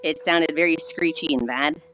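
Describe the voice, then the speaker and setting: A woman streaming while she walks on a treadmill, sounding squeaky and chipmunk-like through a failing headset mic, sighing often and swearing casually as she greets viewers. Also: moderate pace, a bit bright, low-quality recording. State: walking on a treadmill while talking. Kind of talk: casual live-stream chat.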